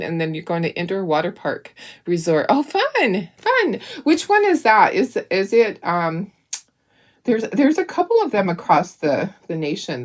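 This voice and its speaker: A middle-aged woman hosting a craft stream, chatting and telling stories while she paints. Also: lowish voice. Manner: chatty, tells stories while painting and reads viewer comments aloud. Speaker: craft channel host.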